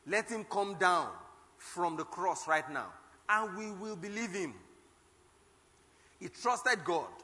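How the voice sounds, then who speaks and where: A male preacher delivers a sermon, reading scripture with dramatic force and crying out the quoted lines. His voice sits high and sounds bright and forceful. A long reverb trails behind him, as in a large hall.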